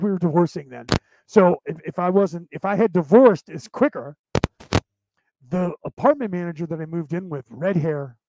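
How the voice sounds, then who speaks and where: A middle-aged man tells a long personal story on his podcast, rambling and swearing, often restarting his sentences. His voice sits high for a man yet has a mellow, relaxed timbre. The sound is dry and close, with no room echo. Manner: rambling, profane, with many restarts. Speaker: podcast host. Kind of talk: casual storytelling monologue.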